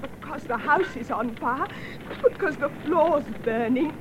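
A woman's voice: high-pitched, animated, unhurried, a little hiss or hum, rough recording. A woman playing a frightened young woman trapped in a burning house, anxious and pleading between coughs, in a scripted learner drama. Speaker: Mary, a character in a lesson drama.

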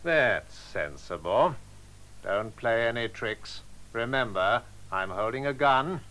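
An actor playing a cold, threatening gangster with a gun in a radio drama for language learners. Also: male voice, mid-range voice, animated, slow pace, pushed and bright. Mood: menacing. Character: menacing male gangster with a gun.

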